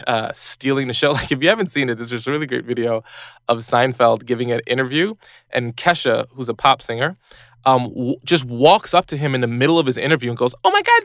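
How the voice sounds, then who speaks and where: A man hosting a podcast, giving casual advice in an animated way and acting out other people in high voices. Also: no echo, clean studio sound. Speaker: podcast host.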